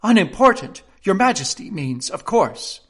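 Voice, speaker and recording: A man voicing a fussy rabbit herald who speaks in a shrill, respectful way. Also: flat delivery, moderate pace, pushed and bright, slightly rough.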